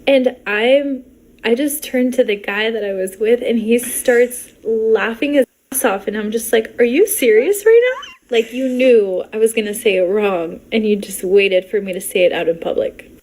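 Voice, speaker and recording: Young woman, native Spanish speaker, higher voice, animated laughing storyteller, casual to camera. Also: normal speed.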